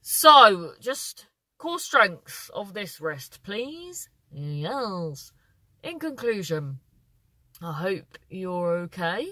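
A woman's voice: medium pitch, big pitch swings, very slow, sharp tone, dry recording. A woman from Cornwall doing a scattered, self-interrupting comic monologue outdoors on a windy day, filming herself on a handheld phone. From Cornwall, England. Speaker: comedian. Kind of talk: rambling stand-up monologue. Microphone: phone held in hand.

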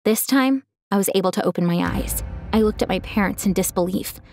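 A woman's voice: medium pitch, brisk, a little mellow, soft background music. A woman giving an earnest, emotional first-person story narration.

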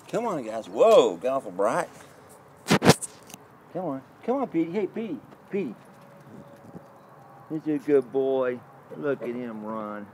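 A man with a Texan accent chats over a handheld camera at home, his pitch swinging widely as he coos and baby-talks to dogs. He laughs often and keeps things playful. A faint hiss of noise sits under his voice. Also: very animated, a little slow, pauses often, darkish tone. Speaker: dog-sitting home vlogger. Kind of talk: casual home video talk. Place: home, indoors and in the yard. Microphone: handheld camera mic.

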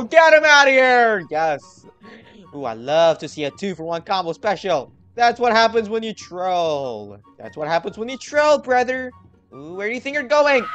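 A young man commentating his gameplay with lots of energy, talking straight to his viewers. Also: high-pitched. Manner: energetic, talks to viewers, hypes himself up. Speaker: gaming video host.

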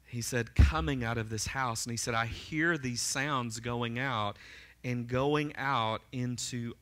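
Fervently preaching in a church sanctuary, a male pastor speaks with a bright, forceful, mid-range voice and a steady tone. Again and again he checks in with the congregation, tossing out a quick "right?" or "amen?"

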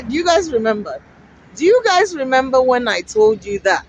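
A woman from Africa chatting to camera while she walks outdoors along a busy street. She repeats herself a lot, asks her viewers many rhetorical questions and gets excitable. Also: high-pitched, moderate pace, dull audio, slight background noise. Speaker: vlogger. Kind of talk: casual walking vlog to camera.

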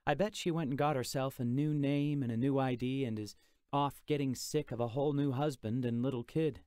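A man's voice: medium pitch, fairly even intonation, brisk, mellow, smooth, no room sound. A man narrating an audiobook in the first person, in a reflective, plain, conversational manner.

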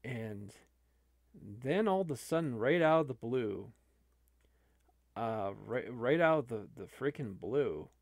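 A man's voice: medium pitch, lively intonation, slow pace, long pauses, no echo, studio quality. A man, an online video creator, talking casually and rambling with many restarts.

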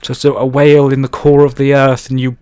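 A man's voice: medium pitch, flat delivery, brisk, a little mellow, smooth. A man commentating a video game playthrough, sarcastic and swearing, with jokey asides. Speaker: gaming youtuber. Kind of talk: let's play commentary.

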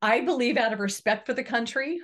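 A woman's voice: a little high, a little fast, a bit bright. Earnest woman giving an inspirational talk. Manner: earnest, preachy, emphatic repetition. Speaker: motivational speaker. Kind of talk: inspirational monologue to camera.

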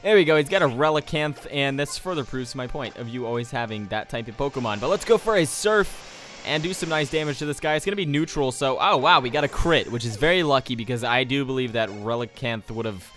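A man's voice: mid-range voice, expressive, brisk, fairly bright tone, faint music behind. A young adult man giving casual gameplay commentary, rambling with jokey asides. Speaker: let's play host.

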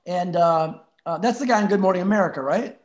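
An animated man with a high voice tells a comic story. He laughs as he goes and acts out what the people in his story said. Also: fast, crowd noise. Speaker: guest, former show regular. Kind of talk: anecdote telling.

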